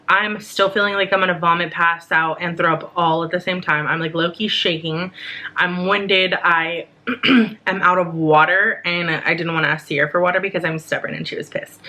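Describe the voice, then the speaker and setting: Young woman, bright tone, lowish voice, casual storytime, animated, swears a lot. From United States. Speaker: vlogger.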